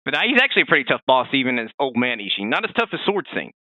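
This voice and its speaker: A man co-hosting a casual podcast, chatting in an animated way with many fillers and restarts. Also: mid-range voice, rapid-fire, no echo, phone-quality sound. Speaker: podcast co-host.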